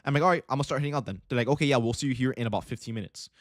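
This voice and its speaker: Young man, fast casual chat, bro-heavy rambling, dry close sound. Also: mid-range voice, no room sound. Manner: rambling, says bro a lot. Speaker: livestream host, day trader.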